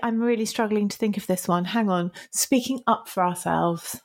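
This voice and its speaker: A woman's voice: medium pitch, normal speed, hardly any pauses. A woman co-hosting a casual podcast chat, laughing often and stammering through playful apologies. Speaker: podcast co-host.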